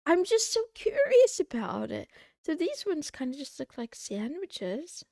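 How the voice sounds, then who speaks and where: A young woman streaming, chatting casually and rambling as she browses, thinking out loud and trailing off. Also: sits high, sing-song, a little slow, gravelly, no echo, clean studio sound. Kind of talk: casual livestream chat.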